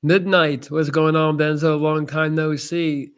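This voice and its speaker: A young man with a slightly high voice hosts a casual live-stream chat. He gives blunt, laid-back advice to viewers, full of "like" and "man". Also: little pitch movement, a little slow, clean tone. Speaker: host answering chat questions.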